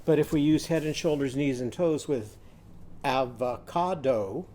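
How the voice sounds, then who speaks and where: A man's voice: fairly high pitch, steady tone, brisk, warm tone, slight background noise. A man teaching a children's phonics lesson, modelling sounds in a sing-song way for the class to repeat.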